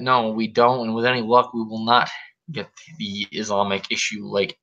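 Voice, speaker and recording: A man's voice: on the low side, level tone, moderate pace, sharp tone, muffled recording. A man hosting a casual podcast chat, opinionated and blunt with jokey banter. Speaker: host.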